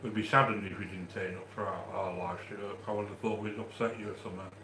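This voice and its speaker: A man from the English Midlands with a Midlands accent, hosting a live stream and chatting warmly with viewers as he reads their comments, with frequent restarts. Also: fairly low pitch, steady tone, fast talker, reverberant, background noise. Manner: chatty and affectionate, with many restarts. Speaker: livestream host reading chat. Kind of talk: casual live-stream chat.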